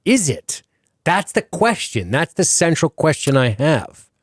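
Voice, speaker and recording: A man's voice: a little high, sing-song, unhurried, breathy edge, no room sound, clean studio sound. A man hosting a podcast in casual chat, rambling with many fillers and casual swearing. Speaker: podcast host.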